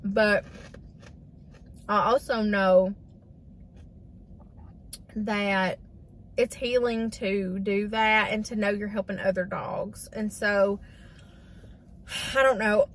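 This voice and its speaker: A woman's voice: medium pitch, fairly even intonation, slow pace, pauses often, fairly bright tone. Grieving woman in her forties. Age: 40s. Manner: grieving, rambling, addresses viewers as y'all. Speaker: vlogger. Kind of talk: casual chat.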